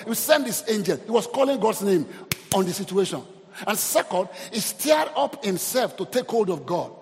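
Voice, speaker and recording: Pastor guy preaching, high voice, lots of hallelujahs, echoey hall. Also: big pitch swings, moderate pace, a little mellow. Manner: preaching with call-and-response exclamations. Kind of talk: sermon. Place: church hall. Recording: long hall reverb.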